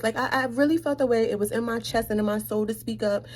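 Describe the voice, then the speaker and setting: A young woman from New York telling a storytime tale in a sassy, animated way, dropping to whispered asides. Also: fairly high pitch, fast talker, few pauses, slightly rough. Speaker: vlogger. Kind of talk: storytime chat.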